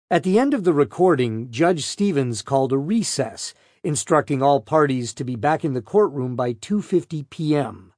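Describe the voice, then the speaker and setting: A man's voice: fairly high pitch, animated, moderate pace, few pauses, a little mellow, no echo, studio quality. Matter-of-fact male audiobook narrator. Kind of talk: true-crime audiobook narration.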